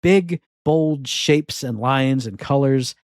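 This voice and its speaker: A man's voice: mid-range voice, slow pace, darkish tone, no echo. Man, mid-range voice, dry close-mic sound, wry chatty podcast co-host. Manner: chatty, wry, self-deprecating. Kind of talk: casual chat, presenting game releases.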